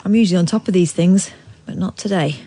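Co-host, mid pitch, dry understated delivery, quiet teasing asides. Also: fast talker, dry recording. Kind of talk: deadpan studio banter.

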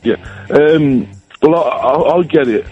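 A man chatting with a radio host, joking and speaking hesitantly with halting restarts. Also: fairly high pitch, a little mellow, breathy edge, muffled recording, faint music behind.

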